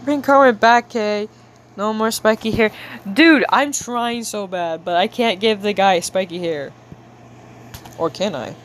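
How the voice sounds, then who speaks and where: A woman's voice: mid-range voice, unhurried, slight background noise. A young woman chatting casually with her viewers while she draws on a livestream, playful and slangy, making a show of being frustrated. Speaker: livestreamer drawing for chat.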